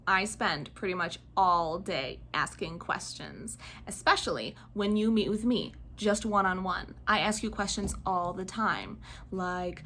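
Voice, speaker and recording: A woman's voice: mid-range voice, a bit bright, a little hiss or hum. Kindergarten teacher woman with a mid-range voice, patient and encouraging, for a video lesson. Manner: slow, clear and encouraging, acting out children's voices. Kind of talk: video lesson for young children.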